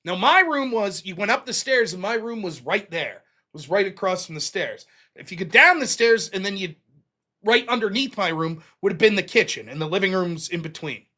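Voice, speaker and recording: A man's voice: high voice, animated, moderate pace, sharp tone. A middle-aged American man hosting his show, telling a long story in a casual, profane way and acting out the quotes. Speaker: host.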